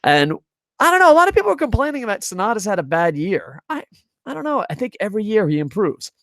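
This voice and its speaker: A man's voice: high voice, very animated, fast, a bit bright, no room sound, clean studio sound. Profane, rambling male stream commentator. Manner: rambling, profane, reads chat aloud. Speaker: wrestling review streamer. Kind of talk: casual live-stream commentary. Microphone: desk microphone.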